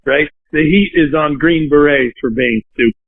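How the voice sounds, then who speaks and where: A man hosting a podcast in casual chat, blunt and profane, and quick to laugh. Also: on the high side, no echo. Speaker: podcast host. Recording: tinny dry phone line.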